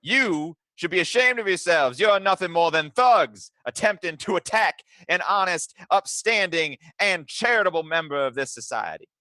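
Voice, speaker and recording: A man's voice: high-pitched, animated, moderate pace, few pauses, bright, forceful tone, dry recording, voice pushed up. A man voicing an indignant, self-righteous shopkeeper in a tabletop game, lecturing with theatrical outrage.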